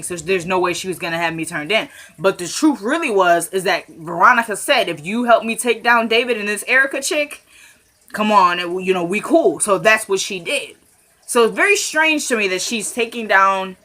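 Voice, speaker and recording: A woman casually recapping a TV episode, acting out the characters' lines with quick asides. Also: medium pitch. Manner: animated, quotes characters, quick asides and laughs.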